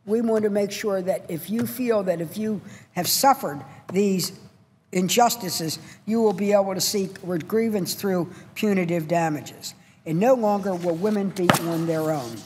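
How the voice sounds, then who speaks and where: A woman senator speaking on the floor of a large legislative chamber, her voice at a middling pitch. She builds her points into short, punchy, repeated phrases with rising passion. Her words ring out with a long reverb from the big hall. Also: unhurried, a little mellow, a little hiss or hum.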